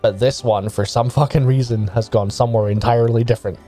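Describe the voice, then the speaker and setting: A man's voice: mid-range voice, fairly even intonation, fast talker, warm tone, faint music behind. A man running a tabletop game as game master, rambling casually, swearing freely and laughing often.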